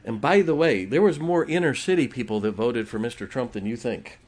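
A man's voice: medium pitch, fairly quick, a little mellow. A man preaching a conversational sermon in a folksy way, often laughing as he talks.

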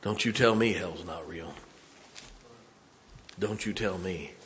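A man, preaching a sermon as a pastor, swinging from loud to hushed. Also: deep voice, slow, a little hiss or hum.

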